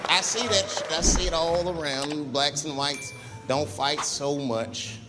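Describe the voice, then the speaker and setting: A man doing a stand-up comedy routine, swinging between loud outbursts and muttered asides as he acts out characters. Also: fairly high pitch, fairly even intonation, measured pace, loud music behind the voice. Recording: live hall reverb with audience noise.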